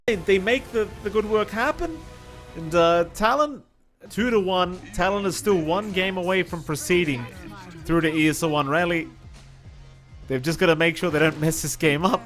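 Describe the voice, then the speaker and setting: Male esports caster, high voice, lively fight calls, faint music bed. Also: moderate pace. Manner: excitable calls, teasing banter. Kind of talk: esports commentary.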